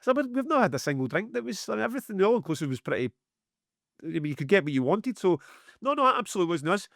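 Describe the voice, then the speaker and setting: A man's voice: high-pitched, racing, creaky, dry recording, clean studio sound. A middle-aged Scottish man telling a story on a podcast, swearing freely and acting out both sides of the dialogue. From Scotland. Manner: animated, heavy swearing, acts out dialogue. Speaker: podcast co-host, music promoter. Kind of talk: casual storytelling chat.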